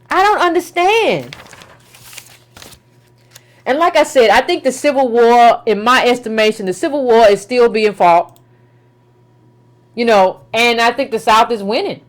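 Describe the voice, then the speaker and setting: A high-pitched woman delivering a political commentary rant. She talks in an emphatic, colloquial way, circling back on her words and firing off rhetorical questions.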